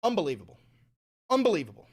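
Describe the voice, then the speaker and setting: A young man hosting a comedy commentary vlog, swinging from mumbled asides to shouted rants. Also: high voice, wildly swooping pitch, fast talker, breathy edge.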